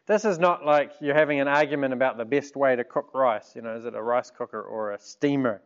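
A man preaching a sermon in an earnest, measured way, asking rhetorical questions. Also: medium pitch, clear, resonant tone, dull audio.

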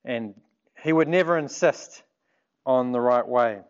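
A man preaching a sermon in an earnest, measured way, asking rhetorical questions. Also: medium pitch, clean tone, lo-fi sound.

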